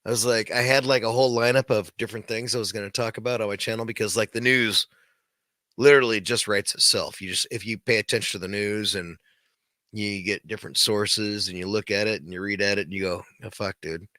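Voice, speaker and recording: A man's voice: on the low side, steady tone, brisk, sharp tone, dry recording, studio quality. A man hosting his own podcast, ranting casually in a profane, rambling, heated way. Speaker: podcast host. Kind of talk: casual late-night rant.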